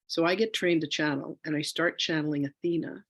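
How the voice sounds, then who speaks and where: A middle-aged woman teaching a live online class as a spiritual teacher, telling her own story with lively acted-out dialogue, speaking into a phone. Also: low-pitched, fairly quick, no echo. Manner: animated storyteller, acts out quoted dialogue.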